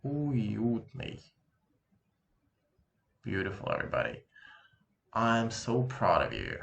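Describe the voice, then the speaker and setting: A man teaching a language lesson, patient and encouraging, repeating words slowly to show how they sound. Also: on the low side, sing-song, vocal fry, fairly bright tone, lo-fi sound. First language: Russian. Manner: slow, drawn-out demonstration pronunciations. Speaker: Russian teacher.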